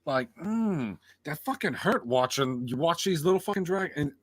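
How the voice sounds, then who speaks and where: A man's voice: a little high, moderate pace, dry recording. Guy ranting about a show, cusses a lot, voice jumps all over, dead dry room. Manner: profane, animated, acts out his reactions. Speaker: co-host. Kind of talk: casual review chat.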